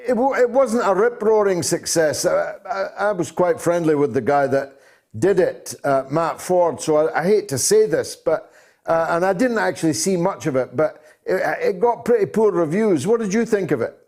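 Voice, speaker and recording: A man's voice: high voice, animated, moderate pace, a little mellow. Male talk-show host with emphatic questions. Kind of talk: casual talk-show interview.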